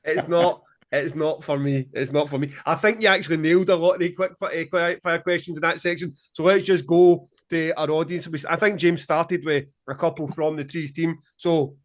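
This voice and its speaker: A man's voice: on the high side, fairly even intonation, fairly quick. A man co-hosting a podcast in casual chat, swearing freely and teasing. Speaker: podcast co-host.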